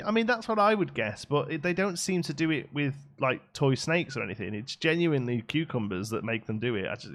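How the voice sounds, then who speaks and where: A man chatting casually on a live game stream, reading and answering chat as he builds. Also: medium pitch.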